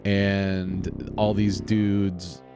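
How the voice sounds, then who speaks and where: A man's voice: sits low, little pitch movement, very slow, over music. A man hosting a casual solo podcast, rambling, often restarting his sentences and swearing casually. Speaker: podcast host.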